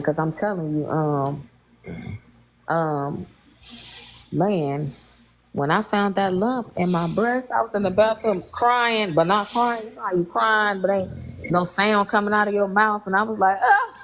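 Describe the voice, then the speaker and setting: A woman's voice: mid-range voice, unhurried, slight background noise, low-quality recording. A woman in her late thirties telling a personal story in casual chat, candid and colloquial, with strong feeling. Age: 30s.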